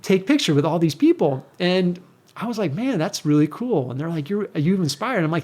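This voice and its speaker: A middle-aged man, a guest on an interview show, telling a story in a casual, animated way and acting out the exchanges he quotes. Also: high-pitched, moderate pace.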